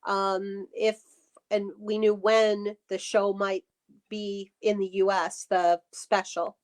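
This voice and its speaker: Animated woman telling a ghost story. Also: mid-range voice, takes it slowly. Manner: animated storyteller, many restarts. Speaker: guest. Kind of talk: casual live-stream chat.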